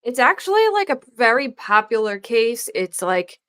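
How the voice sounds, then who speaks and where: A woman's voice: on the high side, normal speed, smooth. A middle-aged woman hosting a true crime talk show, chatting casually and acting out the people in her stories. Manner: animated storyteller, acts out quoted voices. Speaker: true crime podcast host. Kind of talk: casual chat.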